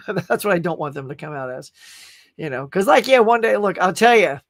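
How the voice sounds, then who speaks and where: A high-pitched man from the United States hosts a live pop culture stream, chatting in a loose, rambling way and reacting to viewers' comments. He sits close to the mic in a dead, dry room. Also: animated, normal speed, gravelly, dry recording.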